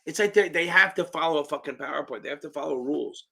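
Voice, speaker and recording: An exam prep tutor runs a live-stream Q&A, answering viewers bluntly while rambling and swearing casually. His slightly high voice is fast, sharp-toned and slightly rough, with vocal fry.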